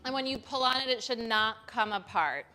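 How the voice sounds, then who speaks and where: A woman teaching a live yoga class in a studio, giving calm step-by-step cues with casual asides. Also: a little high, moderate pace. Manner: calm cueing with chanted Sanskrit and casual asides.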